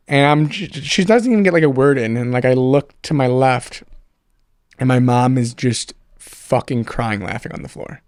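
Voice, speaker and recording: A man's voice: mid-range voice, moderate pace, darkish tone, dry recording, clean studio sound. A young man, a podcast guest, telling a long story in casual chat, full of fillers and swearing. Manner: rambling storyteller, swears freely, many fillers.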